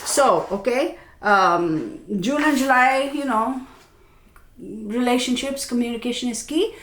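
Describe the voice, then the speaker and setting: A woman's voice: on the high side, animated, unhurried, a bit bright, slight background noise. A woman astrologer giving a casual yearly forecast, chatty and self-mocking, often checking in with her viewers. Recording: echoey room.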